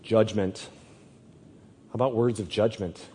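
A man preaching a sermon, slow and emphatic, often repeating his words. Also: on the low side, steady tone, mellow, in a large hall, slight background noise.

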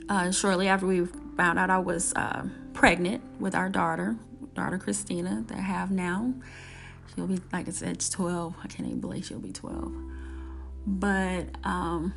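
Gravelly-voiced woman telling her story. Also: mid-range voice. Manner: earnest, repeats her phrases, acts out past conversations. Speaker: speaker sharing her life story. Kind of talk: personal storytelling monologue.

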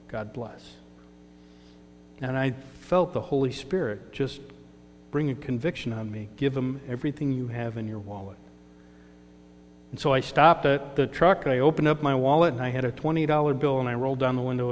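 A man giving a sermon testimony, storytelling and acting out the dialogue. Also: medium pitch. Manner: storytelling, acts out quoted dialogue. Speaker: lay speaker giving testimony. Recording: reverberant hall with mains hum.

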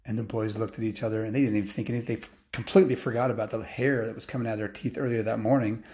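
A man's voice: lowish voice, steady tone, racing, dark tone. A man telling an improvised bedtime story, rambling with asides and fillers.

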